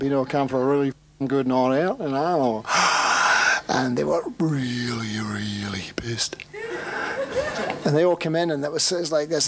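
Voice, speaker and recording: A man who is a singer-songwriter, telling stories in a rambling, amused way and often laughing through his words in a casual interview. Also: mid-range voice.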